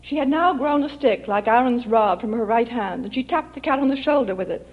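A woman reading her own short story aloud at a public reading, expressive and measured. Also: on the high side. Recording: dull lo-fi archival recording.

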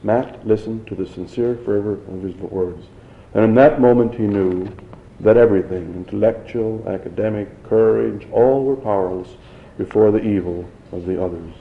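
Man reading a novel aloud, low voice, dull lo-fi recording, a few restarts. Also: moderate pace, gravelly, reverberant, a little hiss or hum. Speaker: reader.

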